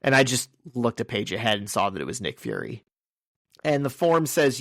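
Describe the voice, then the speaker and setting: With a medium pitch, big swings in intonation, a moderate pace, and a slightly bright sound, this man is recorded cleanly in a studio with no room sound. He's a podcast co-host casually retelling a comic's scenes in order, joking crudely throughout.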